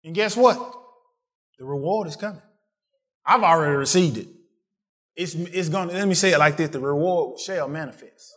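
A man preaching a sermon, asking the congregation questions and swinging from excited peaks to quiet asides. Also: moderate pace, long pauses. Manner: call-and-response preaching, rising to excited peaks then dropping low.

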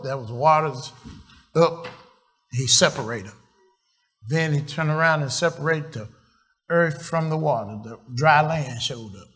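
In a slightly high, fairly bright voice, a pastor delivers a sermon and quizzes his congregation in call-and-response fashion. His speech is slow and halting, and he frequently repeats phrases or starts them over.

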